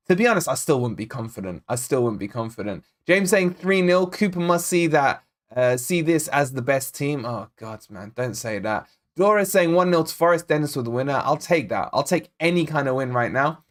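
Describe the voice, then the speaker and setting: Chatty fan streamer man. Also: on the high side. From Scotland. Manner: chatty, reads out chat names and predictions, excitable. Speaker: fan channel host. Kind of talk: live football watch-along chat, reading viewer comments.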